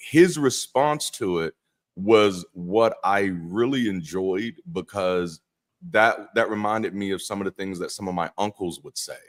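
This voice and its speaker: Deep-voiced man, enthusiastic. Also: measured pace. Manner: enthusiastic, warmly appreciative. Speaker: podcast guest. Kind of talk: casual film discussion.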